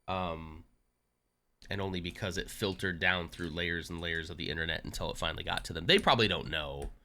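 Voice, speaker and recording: Bright-voiced joking male streamer. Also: sits low, a little fast. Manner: chatty, joking, self-deprecating. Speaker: livestreamer. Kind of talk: casual live-stream chat.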